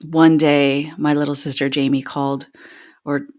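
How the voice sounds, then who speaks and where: A woman host candidly telling a personal story on a podcast, halting and pausing often. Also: low-pitched, little pitch movement, darkish tone, dry recording, clean studio sound. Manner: candid, halting, many pauses.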